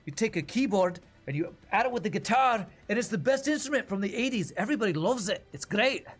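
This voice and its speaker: A man's voice: high-pitched, animated, fast talker, soft background music, voice pushed up. A man voicing a cheery keytar-obsessed character in an attempted Liverpool accent that comes out sounding Scottish. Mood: enthusiastic.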